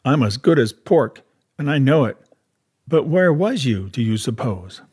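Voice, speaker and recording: Brief: a man playing an excitable, rambling old marooned sailor in an audiobook, rustic talk, raised pitch and volume. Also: measured pace, slightly rough. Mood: excited. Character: half-crazed marooned old male castaway, excitable and rambling. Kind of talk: audiobook character voice.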